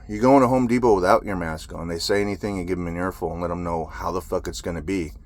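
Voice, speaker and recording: A man's voice: low-pitched, fairly even intonation, fast talker. A man who is a military veteran, telling a story in an agitated, profane ranting monologue.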